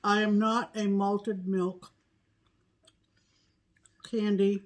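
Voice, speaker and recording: A woman's voice: medium pitch, little pitch movement, drawn-out words, slight background noise. A woman co-hosting a casual chat, gushing and repeating her praise. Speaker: co-host.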